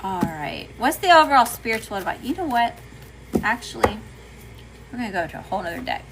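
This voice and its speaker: A woman's voice: a little high, big pitch swings, fairly quick, noisy background. A chatty woman with a Southern US accent, doing a casual livestream tarot reading and greeting her chat. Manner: chatty, folksy, says y'all often.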